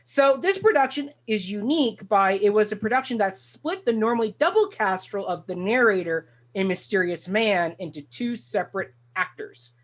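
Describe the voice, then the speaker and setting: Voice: mid-range voice, animated, normal speed, few pauses. A talk show host in a casual discussion of a stage musical, talking enthusiastically and rambling with many restarts.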